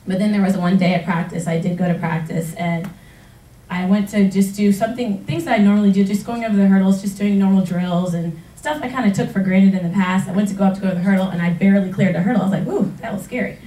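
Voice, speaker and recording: A woman, a retired track athlete, tells her story in a personal testimonial, animated and laughing often as she acts out past conversations. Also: mid-range voice, fast talker. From United States. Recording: roomy sound from a distance.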